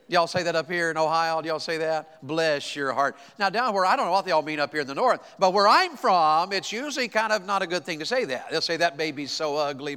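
A man from Tennessee with a Southern accent, preaching a sermon, telling folksy stories with quick asides and slow, emphatic lines. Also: high voice, pushed and bright. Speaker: pastor. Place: church auditorium. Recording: long hall reverb.

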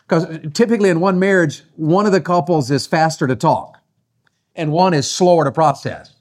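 A middle-aged man preaching a sermon on marriage, folksy and often asking his audience questions. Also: on the high side. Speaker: pastor.

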